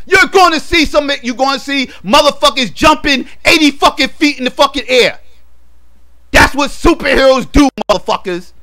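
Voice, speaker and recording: A man giving a heated, profane rant in a movie review vlog, repeating himself emphatically and building to shouts. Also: very high voice, expressive, moderate pace.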